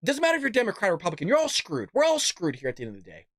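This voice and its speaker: Heated man ranting, animated pitch. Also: very fast, dry recording, studio quality. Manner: heated, exasperated ranting with frequent restarts. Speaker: political commentary host. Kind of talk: live political commentary.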